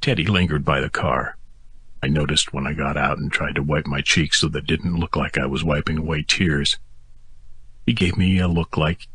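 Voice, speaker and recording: A man reads a first-person audiobook in a steady, intimate way. His voice is very deep and markedly husky, with a bright, forceful edge. The close mic sounds dry. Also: moderate pace, no echo. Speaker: audiobook narrator.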